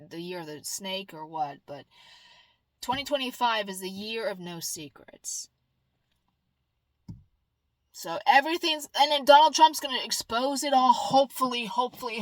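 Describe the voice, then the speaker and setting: A middle-aged woman talking straight to camera in a casual, rambling vlog, jumping from loud outbursts to soft asides. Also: mid-range voice, no echo, low-quality recording. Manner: rambling, emphatic, swings between loud exclamations and soft asides. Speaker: vlogger.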